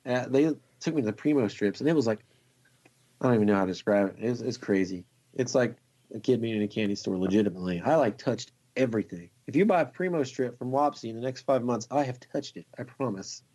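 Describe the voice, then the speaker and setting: A man, a fly tier, telling a long story in a casual, excited, rambling way and laughing often. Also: mid-range voice, fairly quick.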